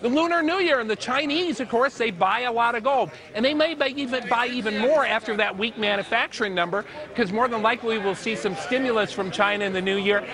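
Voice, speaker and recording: A man's voice: extremely high pitch, fairly quick, hardly any pauses, bright, forceful tone. A man giving upbeat, punchy market commentary on a TV panel, joking along the way. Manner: punchy, enthusiastic, jokey.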